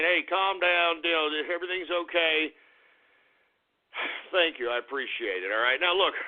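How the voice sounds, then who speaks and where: A man hosting a radio show, ranting in an agitated, profane, rambling way. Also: a little high. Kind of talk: ranting call-in style talk radio. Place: Austin, Texas. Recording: tinny phone-like lo-fi radio recording.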